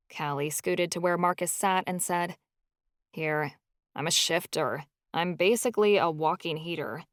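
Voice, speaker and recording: A woman's voice: on the low side, no room sound, clean studio sound. A woman reading a first-person novel aloud as an audiobook narrator, in a storytelling delivery.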